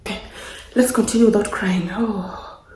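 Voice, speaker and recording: A woman's voice: medium pitch, steady tone, moderate pace. A young woman, vlogging as she unboxes gifts, gushing and repeating herself emotionally. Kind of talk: casual vlog, unboxing gifts. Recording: echoey room, faint noise.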